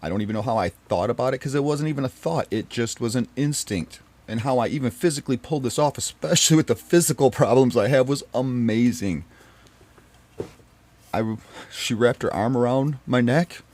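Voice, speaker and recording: Man telling a personal story to camera, emphatic and pleading, mid-pitched voice. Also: brisk, a little mellow.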